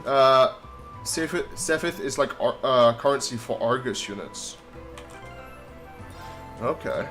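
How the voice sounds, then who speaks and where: A man's voice: medium pitch, takes it slowly, pauses often, a bit bright. Scottish lad narrating his playthrough, chatty and rambling, faint music underneath. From Scotland. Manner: chatty, rambling, self-mocking. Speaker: let's play gamer. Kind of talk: casual gameplay commentary.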